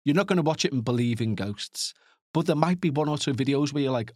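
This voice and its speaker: Speaking fast and expressively in a slightly mellow mid-range voice, a Liverpudlian man hosts a casual podcast. He wanders from point to point, poking fun at himself with playful asides, in a dry, studio-quality recording.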